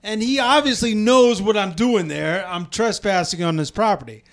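A middle-aged man spinning a story in casual chat, his voice sitting a bit high for a man. He talks in bursts, restarts his sentences, and acts out what others said. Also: moderate pace. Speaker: podcast host telling a story.

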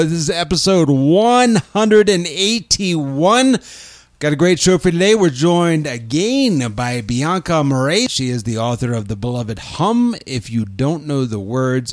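A playful man hosting a podcast with a lively, rather high voice that leaps up and down in pitch. He jokes his way through the chat and drops into silly voices. The sound is close and dry, with soft music underneath. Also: dry recording. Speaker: podcast host.

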